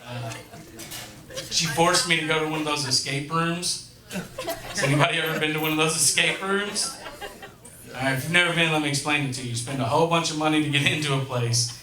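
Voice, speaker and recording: Profane stand-up comic in echoey club. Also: male voice, on the high side, fairly quick. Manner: profane, conversational storytelling with crowd asides. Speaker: comedy club host. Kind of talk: stand-up comedy set. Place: comedy club stage. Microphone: handheld stage microphone. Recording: echoey club room with crowd. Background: audience laughter.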